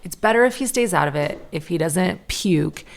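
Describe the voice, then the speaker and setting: A woman's voice: on the low side, lively intonation, moderate pace, creaky. A woman in her thirties hosting a podcast, telling a long family story in a chatty way, full of "like" and acted-out quotes. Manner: chatty, lots of "like", acts out quotes. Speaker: podcast host. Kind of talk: casual solo storytelling.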